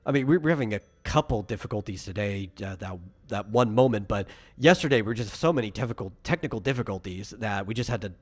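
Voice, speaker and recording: A man's voice: on the low side, animated, fast, few pauses. A man co-hosting a podcast who chats casually, explains his take and answers listener comments. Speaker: podcast co-host. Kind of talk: casual chat.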